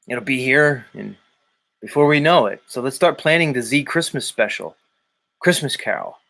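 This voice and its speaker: A man with a slightly high, fairly bright voice hosts a livestream, chatting casually and reading out viewer comments. He rambles and swears, thinking aloud with many fillers.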